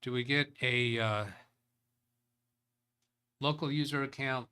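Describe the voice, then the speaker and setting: A man's voice: mid-range voice, fairly even intonation, slow pace, sharp tone, clear, resonant tone. A man hosting a live tech show, reading viewer chat and thinking aloud in a loose, rambling way. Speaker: tech livestream host.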